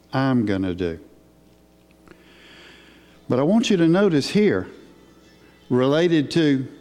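A man preaching a sermon in an unhurried, emphatic way, asking his listeners questions. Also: medium pitch, mellow. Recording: hall with long reverb.

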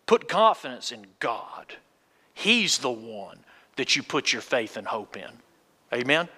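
A man's voice: mid-range voice, very animated, measured pace, sharp tone, husky. A man preaching a sermon in a folksy way, asking the congregation questions. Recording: long hall reverb.

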